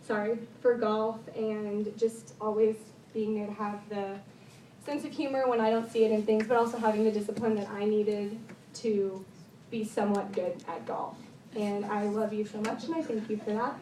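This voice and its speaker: A teenage girl, a high school golfer, gives a heartfelt, rambling thank-you speech at a golf banquet, bubbly and packed with "like" and "um." Her voice is mid-range with a steady tone at normal speed, carrying a little hiss or hum. It was captured from far off in an echoey banquet room with loud ambience.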